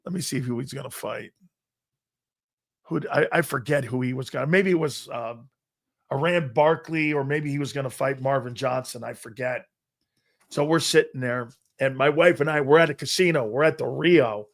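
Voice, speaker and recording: A man hosting a sports talk show, rambling through stories and growing animated as he reads out a list. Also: mid-range voice, moderate pace, vocal fry. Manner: rambling storyteller, animated when reading a list. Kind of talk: casual sports talk monologue.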